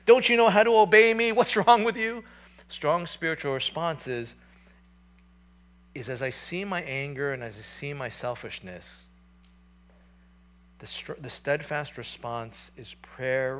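A man preaching a sermon in a conversational way, with many fillers, building to louder passages and dropping to quiet reflective ones. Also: medium pitch. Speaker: pastor.

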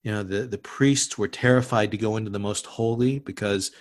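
A man preaching a sermon as pastor, conversational, often restarting and adding asides, dropping to a hush on solemn words. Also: on the low side, steady tone, brisk.

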